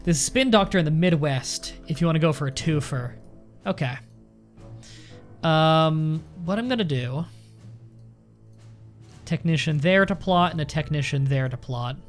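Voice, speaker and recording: A man's voice: a little high, measured pace, pauses often, soft background music. Chatty man narrating his gameplay. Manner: chatty, rambling, thinking aloud. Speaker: let's play host. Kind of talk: casual gameplay commentary.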